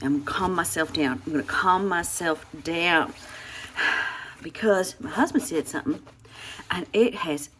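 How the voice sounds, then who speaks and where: A woman's voice: fairly low pitch, a little slow, a bit bright, slight background noise. Sighing, exasperated woman in her sixties. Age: 60s. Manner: exasperated, venting, with frequent sighs and restarts. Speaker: comedic vlogger playing a satire version of herself. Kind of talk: rambling comic monologue to camera.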